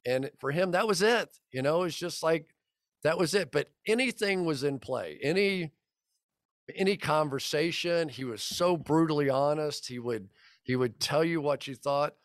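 A man's voice: on the high side, lively intonation, moderate pace, no echo. Storytelling man in his fifties, dry sound. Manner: rambling anecdotes with restarts and quoted dialogue. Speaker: football broadcaster guest. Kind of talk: casual podcast storytelling.

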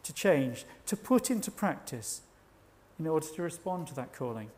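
Male preacher with a high voice, measured and reflective, slows for emphasis. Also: sing-song, darkish tone. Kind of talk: sermon.

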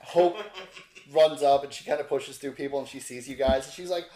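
A game master narrating a tabletop game in a rambling, halting way, full of fillers and restarts. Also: medium pitch, warm tone. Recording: roomy echo with faint noise.

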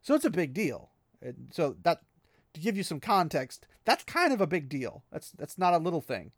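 Swinging widely in pitch from a voice on the high side, a man recaps a fantasy novel chapter for his podcast at a moderate pace. He's chatty, laughs at the text and keeps dropping "he's like" asides, with no echo in the recording.

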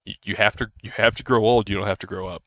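A man's voice: fairly low pitch, steady tone, fast, a bit bright, no room sound, lo-fi sound. A man in his thirties co-hosting a podcast, rambling casually with restarts and laughs. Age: 30s. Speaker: podcast co-host. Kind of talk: casual chat.

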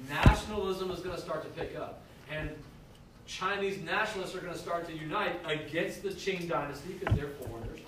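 Man teaching history, higher voice, recorded from far off in an echoey classroom with background noise. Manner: conversational, checks in with students. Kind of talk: classroom lecture.

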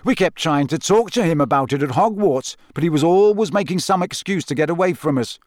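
A cheeky teenage prankster, as a man reads him, talks briskly and matter-of-factly. The voice sits higher than the reader's own, in a dry, close recording. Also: animated, dry recording, natural voice.

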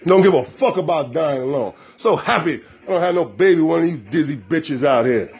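A man's voice: on the high side, lively intonation, a little fast, darkish tone, breathy edge. A man hosting a show, delivering an aggressive, profane monologue in a confrontational manner. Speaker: show host.

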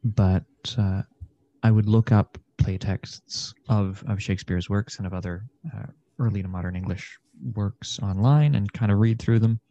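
A man's voice: lowish voice, moderate pace, mellow, dull audio. A young man, an actor and podcast guest, talking through ideas in a thoughtful, meandering way with many fillers. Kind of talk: casual conversation.

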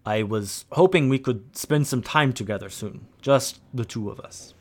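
A man's voice: mid-range voice, measured pace, natural voice. A man reading as an earnest soldier hoping for time together. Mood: hopeful. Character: earnest, hopeful male veteran soldier.

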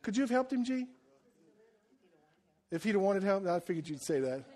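A preacher man with a strikingly high voice, telling the story in an animated way. He cracks jokes and acts out the quotes as he preaches. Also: normal speed. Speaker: pastor. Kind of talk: sermon.

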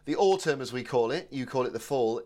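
A man's voice: mid-range voice, animated, fairly quick, darkish tone. A man from England with a British accent, co-hosting a podcast in a chatty, matey way. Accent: British English. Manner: chatty, matey, says "mate" a lot. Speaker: podcast co-host. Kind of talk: casual chat.

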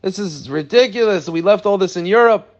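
A man voicing an angry, scornful secular father who shouts at a child. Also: high-pitched, fairly quick, highs cut off, natural voice.

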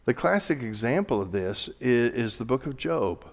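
Guy preaching a sermon, mid pitch, gets loud and fired up, lots of hall echo. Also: moderate pace. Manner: animated, climbs to loud emphatic peaks. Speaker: pastor. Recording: reverberant hall.

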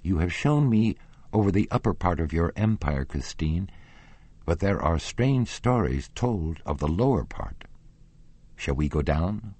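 A man's voice: sits low, animated, measured pace, a little mellow, breathy edge, no room sound, heavily acted. A man reading an obstinate young suitor. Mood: suspicious, probing. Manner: probing, suspicious questions. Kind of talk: audiobook reading.

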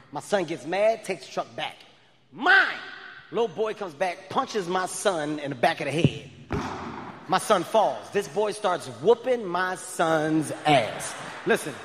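A man in his thirties performing a stand-up comedy set, telling stories with loud animated outbursts. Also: high voice, a little hiss or hum. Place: large arena stage. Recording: live arena with long reverb.

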